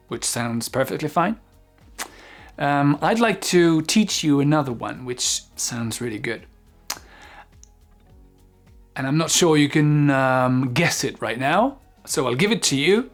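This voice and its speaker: A native French speaker with a French accent teaches English phrases in a casual video lesson. His voice is a little high with lively intonation, and he speaks slowly, articulating carefully with frequent ums, over faint background music.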